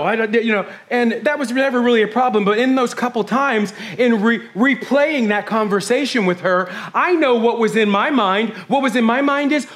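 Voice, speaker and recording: A middle-aged man preaching a sermon as pastor, fast and intense, swinging from hushed whispers to loud bursts. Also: very high-pitched, lively intonation.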